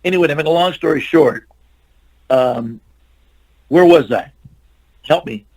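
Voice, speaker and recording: A man's voice: a little high, a little slow, gravelly, darkish tone, poor audio. An older man, a stuntman and actor, telling long rambling anecdotes in a casual interview, full of restarts and quoted dialogue. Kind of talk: casual storytelling.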